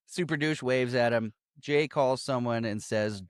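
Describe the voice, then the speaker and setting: A man's voice: mid-range voice, very animated, takes it slowly, a bit bright, dry recording, studio quality. A man casually recapping a movie as podcast co-host, laughing often and acting out characters' lines.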